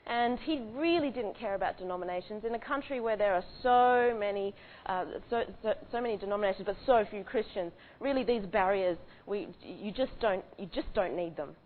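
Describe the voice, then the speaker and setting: A woman's voice: medium pitch, brisk, hardly any pauses. A woman retelling a true story in a conversational way, often restarting her sentences. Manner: conversational with frequent restarts and fillers. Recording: tinny phone-like audio with faint hiss.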